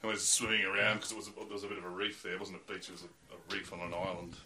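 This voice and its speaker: Relaxed man sharing anecdotes. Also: deep voice, very fast, slight background noise. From Australia. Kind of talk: casual chat.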